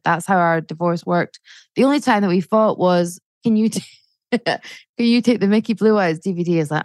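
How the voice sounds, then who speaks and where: A woman's voice: medium pitch, moderate pace, a little mellow, no echo. Ranting, foul-mouthed woman. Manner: swears freely, rants with rising energy. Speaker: podcast guest, comedian. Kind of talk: casual chat.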